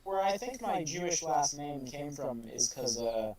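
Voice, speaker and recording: An Irish man in a casual chat, excitable and swearing often. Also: fairly high pitch, a little slow, a loud crowd, low-quality recording. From Ireland. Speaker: guest on stream.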